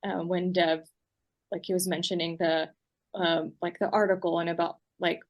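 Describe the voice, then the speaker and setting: A woman's voice: on the low side, little pitch movement, normal speed, lo-fi sound. A woman speaking as a podcast guest in casual conversation, reflective and hesitant, with many fillers.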